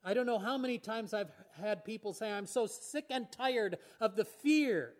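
A man preaching a sermon in an earnest way, often slowing and dropping to a near whisper on key words. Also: high voice, expressive. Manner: earnest, with fillers and restarts, voice swings between hushed and raised. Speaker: pastor.

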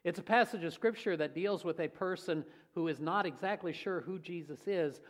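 A man preaching a sermon in a folksy, humorous, lively storytelling way. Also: sits high, moderate pace. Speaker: pastor.

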